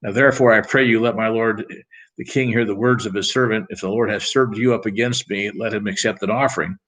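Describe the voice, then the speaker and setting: A man's voice: lowish voice, fairly even intonation, fairly quick, fairly bright tone, low-quality recording. A man leading a Bible study, reading scripture aloud and then explaining it in plain, casual words. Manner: reads verses aloud, then paraphrases them casually. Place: church.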